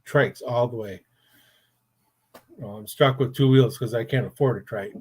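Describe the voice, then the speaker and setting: A man's voice: mid-range voice, normal speed, a little mellow, husky. Blunt, profane older man chatting. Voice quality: blunt and profane, rambling storytelling. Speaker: podcast host. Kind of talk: casual chat.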